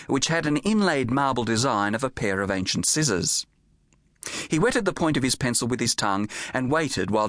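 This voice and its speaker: A man, the author, narrating his own children's audiobook in a lively, expressive storytelling manner. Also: medium pitch, dry recording, studio quality.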